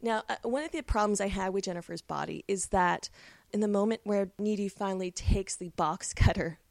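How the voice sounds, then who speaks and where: A woman's voice: medium pitch, a little fast, creaky, no echo. A woman co-hosting a film podcast, giving enthusiastic, analytical takes with casual swearing. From Canada. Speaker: podcast co-host.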